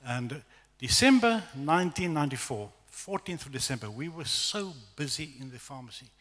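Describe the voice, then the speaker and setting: Bright-voiced South African preacher, echoey hall. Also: male voice, fairly high pitch, moderate pace. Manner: storytelling, animated, self-deprecating humor. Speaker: guest preacher. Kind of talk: testimony sermon. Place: church at an evening service. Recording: echoey church hall reverb.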